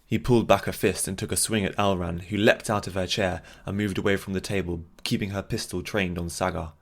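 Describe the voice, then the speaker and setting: Deep-voiced male audiobook narrator. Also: creaky. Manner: steady, measured storytelling. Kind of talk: scripted fantasy narration.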